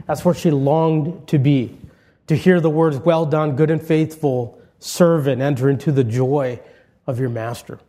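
A man with a fairly high but mellow, soft-edged voice, preaching a funeral sermon from a church. He tells anecdotes in a relaxed, conversational way, often restarting his sentences, and brings in light humor. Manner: conversational storytelling with warm humor and frequent restarts. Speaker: pastor. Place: church sanctuary.

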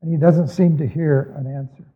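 Through a tinny recording that sounds like a phone, a man delivers a sermon as a pastor with a fairly high, steady voice, moderate pace and a breathy edge. Earnest in tone, he reads from scripture and asks the congregation questions to reflect on.

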